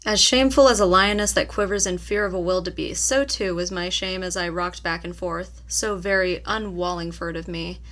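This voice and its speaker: A woman with a lowish voice narrates a first-person novel as an audiobook, keeping a moderate pace with few pauses. She tells the story expressively and acts out the quoted lines.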